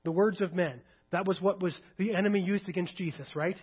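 High-voiced husky preacher. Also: male voice, fairly quick, lo-fi sound. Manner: emphatic, swings from loud to hushed while reading Scripture. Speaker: pastor. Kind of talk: sermon.

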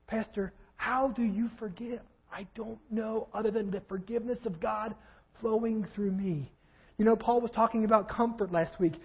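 A husky-voiced male pastor preaching a sermon in a church, swinging between quiet reflection and loud fervent passages. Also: sits high, muffled recording. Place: church sanctuary.

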